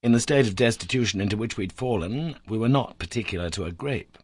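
A man reads a classic adventure novel aloud in a fairly low voice, telling it in the first person with measured, expressive pacing. The recording is dry and close, with no room sound. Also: slightly rough, dry recording. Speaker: audiobook narrator. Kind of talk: scripted narration of a classic novel.

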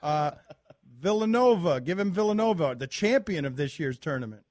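A man's voice: fairly high pitch, lively intonation, darkish tone, dry recording, studio quality. A man hosting a sports radio show, bantering playfully and teasing his guest. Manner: playful, quick teasing delivery.

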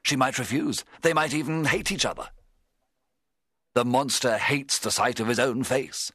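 A man narrating a storybook in the first person, in a measured, dramatic way that rises at tense moments. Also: medium pitch, bright, forceful tone, no room sound, studio quality. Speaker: audiobook narrator.

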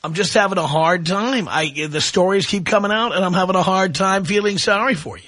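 A man's voice: high-pitched, brisk, bright, forceful tone, dry recording. A middle-aged man hosting a talk radio show, ranting and mocking his listeners with sarcasm. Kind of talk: opinionated talk radio monologue.

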